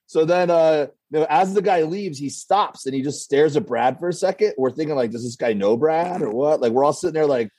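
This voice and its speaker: A man's voice: fairly high pitch, brisk, few pauses, darkish tone, dry recording. A man, a comedian guest on a talk show, telling rambling stories and acting out voices. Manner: rambling storyteller, acts out voices in quotes. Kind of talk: casual talk show anecdotes.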